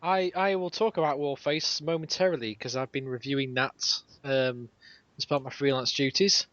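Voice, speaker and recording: A man's voice: mid-range voice, fairly even intonation, normal speed, fairly bright tone, dry recording, dull audio. A man hosting a gaming podcast, chatting casually with jokey, teasing banter. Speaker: podcast host. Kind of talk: casual chat.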